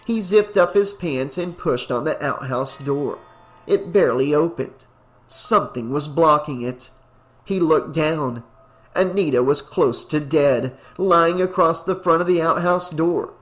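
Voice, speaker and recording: Man, audiobook narration, steady storytelling, fairly high voice. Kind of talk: audiobook narration of horror fiction.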